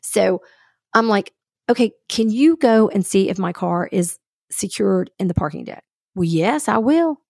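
A woman's voice: medium pitch, unhurried, vocal fry, husky, no echo, clean studio sound. A woman co-hosting a podcast, telling a story in casual chat and acting out the other people's lines. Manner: animated storyteller, acts out quoted dialogue. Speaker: podcast co-host.

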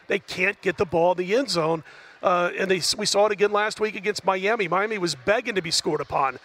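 A man giving analysis as a guest on a sports betting talk show, measured and analytical. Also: sits high, a bit bright.

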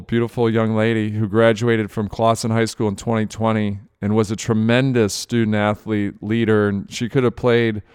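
A man's voice: fairly low pitch, a little mellow, clear, resonant tone, no echo, studio quality. Man speaking with emotion in his voice. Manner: earnest, emotional, repeats phrases. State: voice thick with emotion. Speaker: host; father. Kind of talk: emotional spoken commentary. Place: Austin, Texas.

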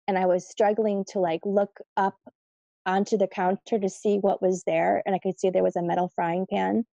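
A woman recounting a personal story as an interview guest, rambling loosely with plenty of "like" and "um". Her voice is mellow and soft-edged, recorded close and dry. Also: medium pitch, no room sound. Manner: chatty, lots of fillers, "like" and "you know".

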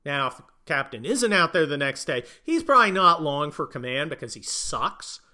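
A man giving opinionated casual commentary, blunt and crude with joking asides, swinging from loud bursts to muttered remarks. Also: on the high side, sing-song, moderate pace.

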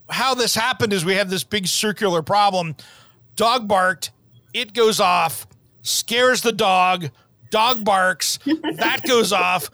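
A man's voice: high-pitched, pushed and bright, no echo. A man hosting a podcast, telling rambling stories in a casual, easygoing way and laughing easily. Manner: chatty, rambling storyteller who laughs easily. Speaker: podcast host. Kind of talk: casual chat.

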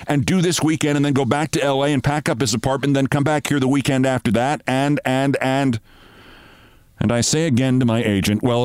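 A man in his sixties telling a long anecdote as a show host, wry and lively, acting out the people he quotes. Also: mid-range voice, dry recording. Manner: wry anecdotal storytelling, acts out quoted dialogue. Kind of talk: storytelling monologue.

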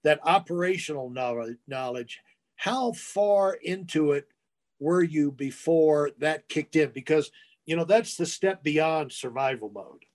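Podcast host with a rather high voice. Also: male voice, expressive, darkish tone. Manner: rambling questions with restarts, quick jokes. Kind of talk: interview questions.

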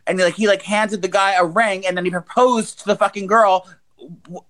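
A woman's voice: mid-range voice, moderate pace. Foul-mouthed woman in her forties, storytelling. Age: 40s. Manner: blunt, profane, animated storyteller. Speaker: podcast co-host. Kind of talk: casual chat, retelling news stories.

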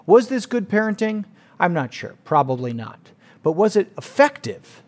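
A man's voice: high voice, sing-song, normal speed, a little mellow. A man telling a short parenting story with self-mocking comic timing.

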